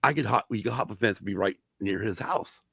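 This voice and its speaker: A middle-aged man hosting a podcast, telling stories in a casual, profane, animated way with a gravelly voice. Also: on the low side, a little fast, no room sound. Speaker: podcast host. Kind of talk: casual storytelling chat.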